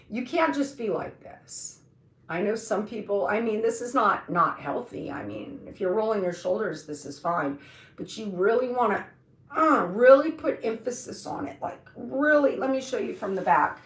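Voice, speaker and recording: A woman's voice: a little high, expressive, fairly bright tone. A woman hosting a live stream, demonstrating stretches in a loose, joking, slangy way. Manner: chatty, joking, slangy, drawn-out. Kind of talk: casual live-stream exercise demo. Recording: echoey room.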